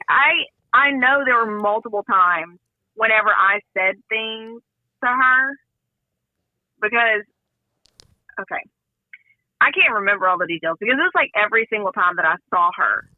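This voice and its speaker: A woman's voice: on the high side, normal speed, dry recording. A woman from Louisiana, a nurse guest on a podcast, talking bluntly and outspokenly in casual chat. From Louisiana, USA. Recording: tinny phone-like audio.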